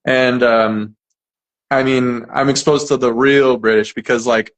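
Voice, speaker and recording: A man with a General American accent talking in an easygoing, chatty way. He fills pauses with ums and likes, often restarting his sentences as he explains, at a medium pitch. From United States. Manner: relaxed, chatty, many fillers and restarts. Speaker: English teacher, guest. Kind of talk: casual conversation.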